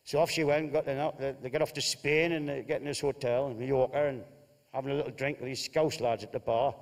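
A man's voice: mid-range voice, steady tone, fairly quick, creaky. Rambling man telling a joke. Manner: rambling, with restarts. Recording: long hall reverb.

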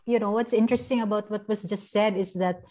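A woman's voice: mid-range voice, steady tone, quick pace, warm tone. Hesitant woman on a video call. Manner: hesitant, searching for words, many fillers. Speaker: panelist. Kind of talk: online panel discussion.

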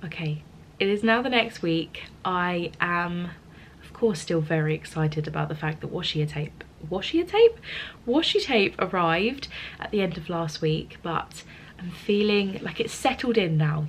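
A woman chatting in a studio vlog, excited and emotional, often laughing and dropping to soft whispers. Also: lowish voice, measured pace, a little hiss or hum. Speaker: small business owner vlogging. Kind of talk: casual studio vlog chat.

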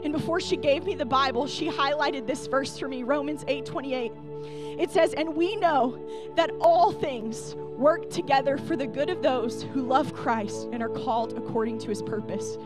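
A young woman preaches a sermon in a high, clear voice. She speaks tenderly and earnestly, then swells to emphatic, ringing declarations. Soft music plays faintly underneath. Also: moderate pace. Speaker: pastor.

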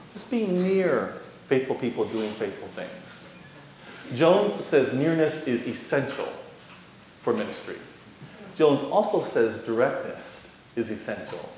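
A male guest speaker telling a story to an audience, lively and playful, slipping into other people's voices. His voice bounces around a large, very echoey hall, with a faint hiss behind it. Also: mid-range voice. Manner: animated, acts out voices, laughs through his story. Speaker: guest speaker on youth ministry. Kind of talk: storytelling address.

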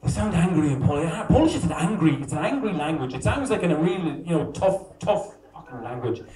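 A young man performing a stand-up comedy set in a bar, telling crude, self-mocking stories with an animated delivery. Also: on the high side, fairly quick. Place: small bar with a live audience. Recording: roomy bar sound, mic from a distance.

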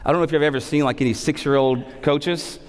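A male pastor in his thirties delivers an animated sermon, repeating key lines for emphasis and mixing in humorous stories. His voice sits a little high for a man. It rings out with a long reverb, as in a large church sanctuary. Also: quick pace, slight background noise.

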